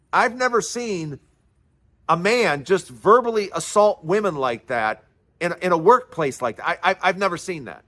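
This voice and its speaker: A woman's voice: lowish voice, fairly bright tone. A woman giving heated political commentary, indignant and emphatic as she rants.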